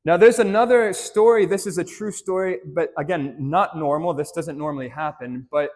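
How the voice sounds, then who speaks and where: A man's voice: on the high side, moderate pace, darkish tone. A male priest giving a homily in church, telling stories in a conversational way and often checking in with "right?". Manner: conversational storytelling, frequent "right?" tag questions; addresses children directly with simple questions. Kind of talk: homily to a parish congregation.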